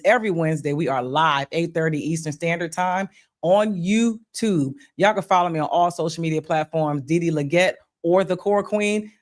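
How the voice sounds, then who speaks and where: A woman from Pennsylvania hosting a casual podcast chat, talking to her audience in a folksy way and calling them y'all. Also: fairly low pitch. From Pennsylvania, USA. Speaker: podcast host.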